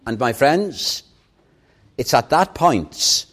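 Preaching on a Sunday morning, a man with a fairly low voice and Welsh as his first language tells his stories slowly and expressively, emphasizing key words strongly.

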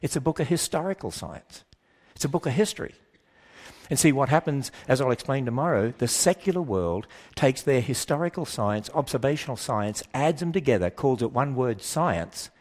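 A man's voice: mid-range voice, expressive, darkish tone. Emphatic man preaching to an audience. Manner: emphatic, asks the audience many questions; acts out quoted voices in quick back-and-forth. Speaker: speaker. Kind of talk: preaching talk to a church audience.

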